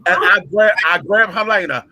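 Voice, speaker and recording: A man with a bright, forceful voice tells a backstage story with dramatic flair and a lot of profanity. He speaks with features. His pitch sits a little high for a man. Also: moderate pace, low-quality recording. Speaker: drag performer telling a story. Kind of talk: casual storytelling chat.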